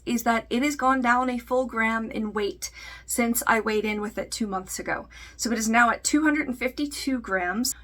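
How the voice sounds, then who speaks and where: A woman with a slightly high, sharp voice talks casually to the camera in a makeup vlog. A beauty YouTuber, she is chatty and self-deprecating, and her sentences trail off into fillers.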